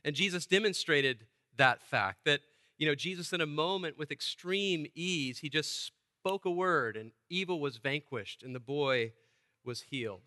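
A man's voice: fairly high pitch, a little slow, sharp tone. A man preaching a sermon, retelling a Bible story in a conversational way and acting out the speakers. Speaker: pastor.

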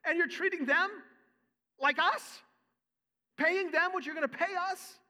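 A man voicing a grumbling day laborer who loudly complains that he is being treated unfairly. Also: very high-pitched, unhurried, big-room sound, voice pushed up, exaggerated voice. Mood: indignant. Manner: loud complaining, rising indignation.

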